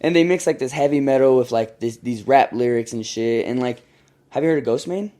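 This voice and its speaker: A man's voice: mid-range voice, brisk, mellow. A young man from Colorado, a rapper guest, chatting loosely on a podcast with lots of slang and laughter. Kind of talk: casual podcast chat.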